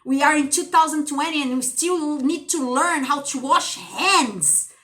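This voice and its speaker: A woman with a high, bright, forceful voice gives a motivational monologue straight to her viewers. She piles up rhetorical questions with real passion. She calls her audience darling and baby as she urges them on. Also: animated, a little slow. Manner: addresses viewers with endearments. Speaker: teacher.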